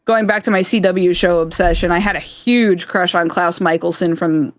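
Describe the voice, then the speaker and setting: A woman's voice: lowish voice, moderate pace, dry recording, studio quality. A woman from South Florida, streaming live and chatting casually, laughing often and swearing freely. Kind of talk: casual chat.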